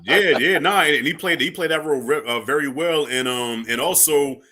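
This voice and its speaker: Bright-voiced man, relaxed and agreeable. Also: fairly high pitch, moderate pace. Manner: relaxed, frequent agreeing, swears casually. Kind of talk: casual chat.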